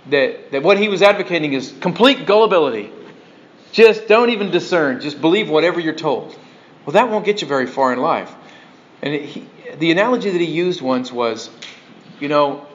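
A man's voice: a little high, lo-fi sound. A man preaching a sermon in a conversational way, often stopping to check in with the listeners. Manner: conversational, animated, with frequent restarts and checking questions.

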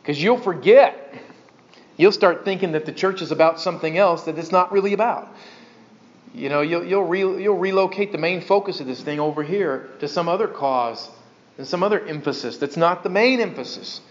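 A male pastor delivering a sermon with lively, animated preaching. His voice sits fairly high for a man and keeps jumping into little acted-out voices and rhetorical questions. The recording is a bit muffled and dull. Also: a little fast.

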